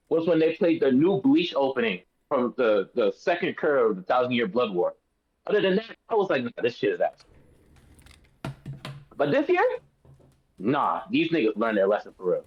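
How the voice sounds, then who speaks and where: A man's voice: on the high side, slightly rough. Hyped slangy man on a dull mic. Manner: slangy, emphatic, hypes things up. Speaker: podcast co-host. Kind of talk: casual chat.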